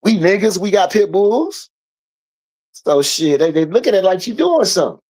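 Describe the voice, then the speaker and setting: A man from the United States in casual street talk, blunt and profane, telling animated stories. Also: sits high, moderate pace.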